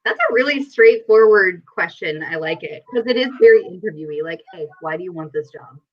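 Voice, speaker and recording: A woman hosting a live stream, chatting casually and telling stories in a giggly, animated way over a video call. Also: on the low side, brisk, dull audio. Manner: giggly, animated storytelling with quoted asides. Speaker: host.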